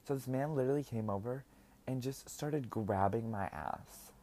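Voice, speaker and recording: A man's voice: medium pitch, normal speed, mellow. A young man hosting a podcast, telling personal stories in a casual monologue. He is chatty, laughs often, and fills his speech with 'like' while he eats. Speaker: podcast host. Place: indoors, eating while recording.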